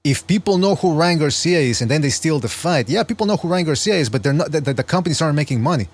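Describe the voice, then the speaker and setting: A man's voice: a little high, lively intonation, fast. A man hosting a casual sports podcast, explaining his points earnestly and often restarting his words mid-sentence. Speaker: podcast host.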